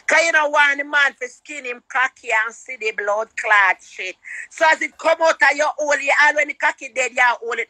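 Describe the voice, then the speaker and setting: A Jamaican woman ranting loudly into her phone in patois, cursing, shouting and chanting. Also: sits high, dry recording, low-quality recording.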